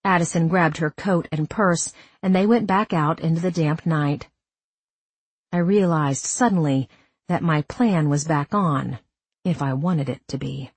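Husky woman reading a story. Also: sits low, unhurried, no echo. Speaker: audiobook narrator. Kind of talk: first-person scripted narration.

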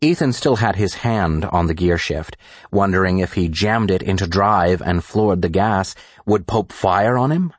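A man narrating a thriller audiobook in a measured, deliberate reading style. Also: deep voice, no echo.

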